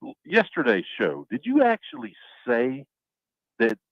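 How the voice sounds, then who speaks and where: A man's voice: mid-range voice, wildly swooping pitch, unhurried, no room sound, dull audio. A man co-hosting a sports talk show in a mock-formal, sarcastic manner. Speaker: co-host. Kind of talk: casual sports chat.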